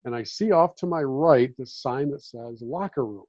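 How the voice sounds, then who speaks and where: His fifties, ex-reporter, warm-toned storyteller, dull dry podcast audio, does the voices when quoting people. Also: mid-range voice, normal speed, no echo. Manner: animated anecdotes, acts out quoted voices. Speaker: podcast guest, former sports beat reporter. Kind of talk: casual storytelling chat.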